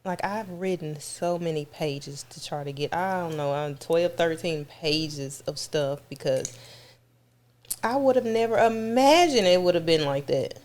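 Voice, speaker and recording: Guest woman, low-pitched, gushing, repeats herself for emphasis. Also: a little slow, a little mellow. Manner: effusive, repeats words for emphasis. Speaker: guest describing her experience. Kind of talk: casual conversation.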